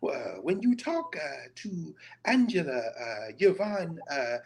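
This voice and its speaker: A man from Nashville, a professor talking in lively conversational commentary, telling stories with quoted dialogue and casual vernacular. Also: on the high side, slow pace, gravelly. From Nashville, Tennessee. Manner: animated storytelling, slipping into quoted dialogue and casual Black vernacular.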